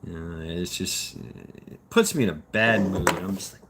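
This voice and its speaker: A man's voice: low voice, unhurried, noisy background. A man of fifty rambling through a casual livestream chat, cursing freely and stumbling over repeated words. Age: 50s. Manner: rambling, profane, repeats words and restarts often. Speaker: livestream host reading chat.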